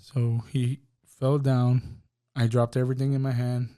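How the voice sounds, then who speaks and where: Man telling a painful story, mellow voice. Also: mid-range voice, flat delivery, a little slow, smooth. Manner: emotional storytelling, acts out dialogue. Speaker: podcast guest. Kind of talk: personal testimony.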